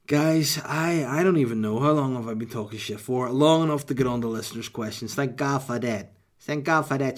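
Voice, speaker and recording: A man chatting on his podcast in a loose, rambling way, swearing often and cracking jokes as he goes. His voice sits at an everyday middle pitch. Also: moderate pace. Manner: profane, joking, slips into impressions. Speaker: podcast host. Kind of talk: casual rambling chat.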